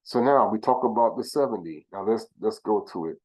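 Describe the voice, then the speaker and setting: A man giving informal religious teaching who sounds out names slowly, corrects himself, and asks rhetorical questions. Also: fairly low pitch, lively intonation, a little mellow, poor audio. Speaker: teacher of scripture.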